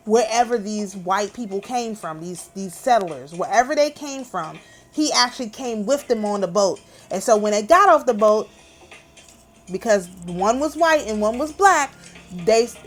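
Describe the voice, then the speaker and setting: Woman vlogger with a high voice, casual talk, heated and emphatic, soft music underneath. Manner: indignant, emphatic ranting. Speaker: channel host. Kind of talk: casual vlog commentary.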